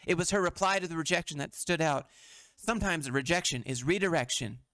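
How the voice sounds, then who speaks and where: A man's voice: fairly high pitch, fast, sharp tone, no room sound, clean studio sound. A man hosting a commentary show, reading memes aloud and mocking them bluntly, swearing often. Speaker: host. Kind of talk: sarcastic meme commentary.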